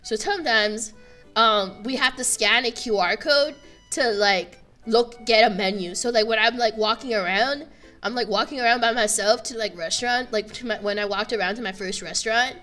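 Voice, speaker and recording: A young woman from Canada chatting casually on a livestream, giggly and full of fillers, often bursting into high laughter, in a room with a buzzing air conditioner. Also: fairly bright tone. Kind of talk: casual stream chat.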